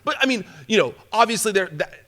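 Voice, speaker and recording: A man, a guest in an interview, telling a story in an animated, casual way, laughing often and saying "like" a lot. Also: high-pitched, fast talker. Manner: animated, laughs often while telling stories, peppers talk with "like". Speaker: interview guest, news reporter. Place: talk show studio set.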